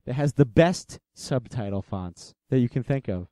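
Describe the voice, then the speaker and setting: A man's voice: mid-range voice, lively intonation, normal speed, dark tone, no room sound, clean studio sound. A young adult man co-hosting a podcast, chatting casually and laughing often as he asks the others questions. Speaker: podcast co-host. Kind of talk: casual chat.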